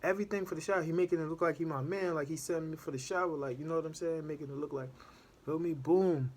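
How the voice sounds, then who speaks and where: A man casually telling a story from his time in prison in a relaxed street manner, checking in with "know what I'm saying" again and again. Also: a little high, fast talker. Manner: laid-back street talk, keeps asking "know what I'm saying".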